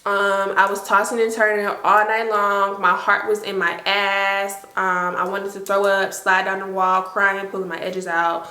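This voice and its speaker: Bright-voiced woman telling a storytime. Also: mid-range voice, unhurried, hardly any pauses, reverberant. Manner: animated, slangy, addresses viewers as y'all. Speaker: storytime vlogger. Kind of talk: casual storytime.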